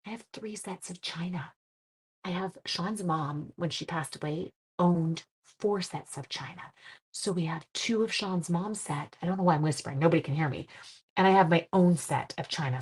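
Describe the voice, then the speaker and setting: A woman's voice: medium pitch, vocal fry. A middle-aged Canadian woman hosting a live stamping stream, thinking aloud as she works and greeting viewers by name. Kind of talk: casual live craft demo chat. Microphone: live stream mic.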